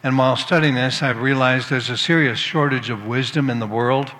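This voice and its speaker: Male preacher, folksy storyteller, bright forceful tone, reverberant room. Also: medium pitch, steady tone, a little fast. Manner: folksy storytelling, tells jokes then turns to scripture. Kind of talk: sermon with jokes.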